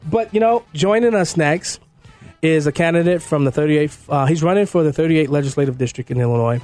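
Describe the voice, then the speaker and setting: A middle-aged man hosting a talk radio show, joking and animated, introducing a guest. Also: a little high, a little fast, faint music behind. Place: radio studio. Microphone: studio mic.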